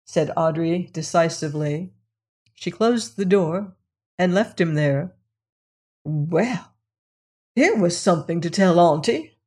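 Woman with a lowish voice narrating a novel. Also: dark tone. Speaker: audiobook narrator. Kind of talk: scripted narration.

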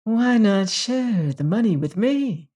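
A man's voice: sits high, animated, slow, a little mellow, exaggerated voice. A narrator voicing a cringing, blackmailing male servant who pleads with tremulous eagerness and turns silky. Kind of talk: audiobook character reading.

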